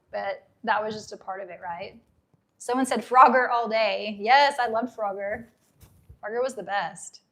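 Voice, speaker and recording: A woman's voice: a little high, fairly bright tone. A woman from Tennessee with a light Southern accent, hosting a casual livestream in a chatty, upbeat way and laughing easily. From Tennessee, USA. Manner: chatty, upbeat, laughs easily, reads viewer comments aloud. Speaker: livestream host.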